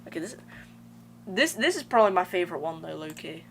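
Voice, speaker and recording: A young woman live-streams a game, chatting casually and rambling to her viewers in slangy talk. Her voice is on the low side but brisk and a bit bright, with big pitch swings, over game music and slight background noise.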